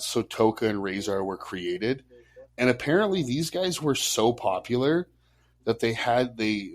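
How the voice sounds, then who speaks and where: A man co-hosting a casual podcast chat, animated and laughing as he retells film scenes. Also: lowish voice. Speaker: podcast co-host.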